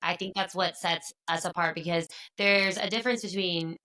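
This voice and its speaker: Bright-voiced woman podcast host. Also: lowish voice, moderate pace. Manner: lively, emphatic, laughs between points. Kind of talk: casual chat.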